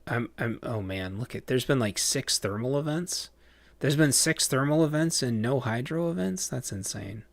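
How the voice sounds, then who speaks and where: A man's voice: medium pitch, lively intonation, moderate pace, gravelly, no echo. A man chatting casually on a live stream, distracted, rambling and swearing as he mutters to himself.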